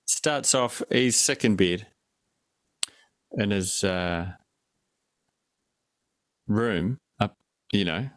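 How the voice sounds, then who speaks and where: A man's voice: lowish voice, very slow, pauses often, no echo, clean studio sound. A man co-hosting a casual film review chat, rambling and jokey, often breaking off mid-sentence. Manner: rambling, jokey, self-interrupting. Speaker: podcast co-host.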